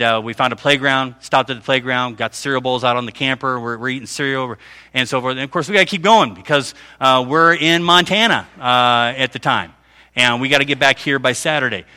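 A man's voice: medium pitch, pushed and bright. A middle-aged man preaching a conversational sermon, often checking in with his listeners. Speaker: pastor.

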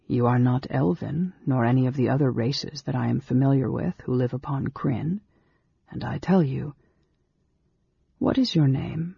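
A frail, bitter young mage man who whispers weakly through labored breath, as a reader acts him out. The voice is breathy and gravelly. It is recorded dry and dull. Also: medium pitch, normal speed, no echo, full character voice. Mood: weak, whispering.

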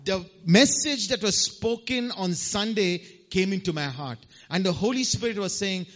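A man with a high-pitched voice delivers a fervent sermon testimony. He repeats phrases for emphasis and moves between hushed passages and loud cries. The recording sounds dull and lo-fi. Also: expressive, normal speed. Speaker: preacher giving testimony.

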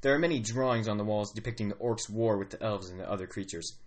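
A young man running a tabletop game as narrator, playful and often laughing. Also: fast talker. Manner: laughing, playful, jumps high in pitch. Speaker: game master.

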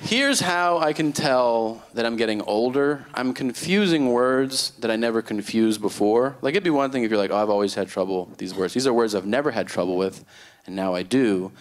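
A man performing a stand-up comedy set on a festival stage, exasperated and breaking into high, shouted outbursts. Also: lively intonation, moderate pace.

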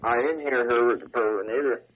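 A man voicing a slow, dim hillbilly sidekick who drawls along agreeably. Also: mid-range voice, fairly even intonation, crowd noise, voice pushed down, natural voice. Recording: dull lo-fi audio.

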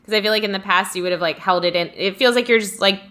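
A young woman co-hosts a casual podcast chat, her medium-pitched voice quick and a bit bright. She sounds reflective and chatty, sprinkling in plenty of "like" fillers.

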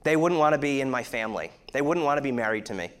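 A man's voice: medium pitch, lively intonation, fast talker. A man in his thirties giving an earnest, explanatory sermon-style talk, with many fillers. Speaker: speaker teaching on shame.

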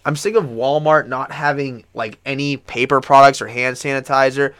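A man's voice: mid-range voice, steady tone, moderate pace, fairly bright tone, clear, resonant tone. A man co-hosting a casual podcast, rambling and swearing with lots of restarts. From Florida. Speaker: podcast co-host. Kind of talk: casual chat.

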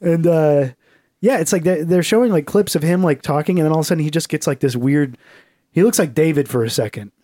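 A man's voice: on the high side, brisk, dark tone, no room sound, studio quality. Profane laid-back man in casual chat. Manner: loose and profane, full of fillers, slips into mocking voices. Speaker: podcast co-host.

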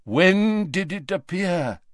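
A man voicing a weakened, elderly wizard who stays calm and in command, speaking slowly and quietly. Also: high voice, no echo, voice pushed up.

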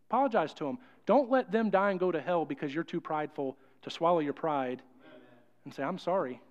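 Man preaching a sermon, higher voice. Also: highs cut off. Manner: conversational storytelling preaching. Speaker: pastor.

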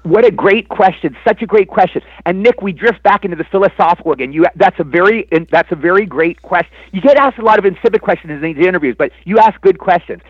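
An older man from Maryland, a guest actor telling animated, rambling stories full of digressions and repeats. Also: high voice, quick pace, hardly any pauses, no echo. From Maryland, USA. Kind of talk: anecdotal storytelling. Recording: dull lo-fi sound.

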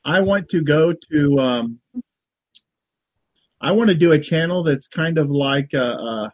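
A man's voice: a little high, measured pace, no room sound. A man who is a guest on a live talk show, chatting playfully and showing off silly tricks. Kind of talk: casual joking chat.

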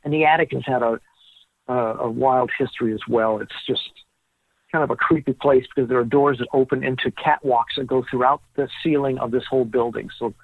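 Male guest storyteller, animated, plays out the dialogue; tinny, dry phone-line audio. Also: medium pitch, brisk, gravelly, no echo. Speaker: guest author. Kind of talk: storytelling in a podcast interview.

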